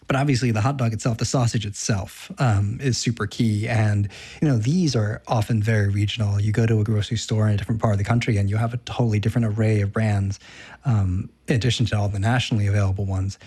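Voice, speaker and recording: A man's voice: lowish voice, fairly even intonation, fast talker, a little mellow, husky. A man hosting a casual interview, asking playful, chatty questions. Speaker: interviewer host.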